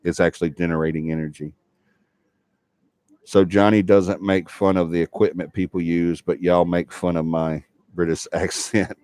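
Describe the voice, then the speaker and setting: Deep-voiced man chatting on a livestream. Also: little pitch movement, moderate pace, darkish tone, no echo, studio quality. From Alabama. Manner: chatty, folksy, laughs often. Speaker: paranormal livestream host. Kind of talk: casual livestream chat reading viewer comments.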